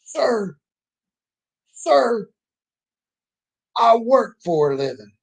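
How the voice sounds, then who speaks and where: A man voicing a gruff, angry male army drill sergeant who barks clipped orders while telling a story. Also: sits high, big pitch swings, normal speed, darkish tone, voice pushed up. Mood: barking.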